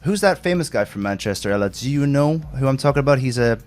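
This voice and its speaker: A man's voice: medium pitch, lively intonation, fast talker, a little mellow, soft background music. A man hosting a casual gaming podcast, rambling through stories, laughing often and swearing casually. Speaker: streamer host.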